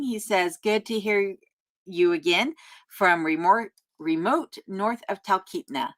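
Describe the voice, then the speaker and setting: A woman's voice: mid-range voice, slow pace. A woman hosting a casual live stream from her remote home, reading viewer comments aloud and chatting back in a friendly way with frequent laughs and ums. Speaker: YouTube host answering live chat.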